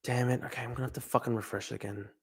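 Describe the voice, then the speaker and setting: Man, Australian accent, young adult, casual stream commentary, frequent swearing, middle pitch. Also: fairly even intonation, racing, husky. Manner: swears often, thinks aloud, talks to chat. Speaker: livestreamer.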